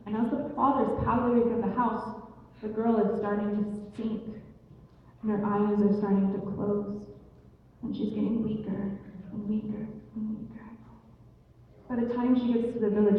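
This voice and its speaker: A young woman telling a traditional story in a casual, lively way, slipping into the characters' voices with slangy asides. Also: mid-range voice, moderate pace, far from the mic. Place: event hall. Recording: echoey hall recorded from afar, dull.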